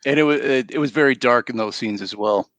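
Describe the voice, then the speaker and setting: A man sums up a movie plot on a casual podcast, easygoing and ready to joke. His voice is mid-pitched, and the sound is dry and close. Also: a little fast, a bit bright, no echo.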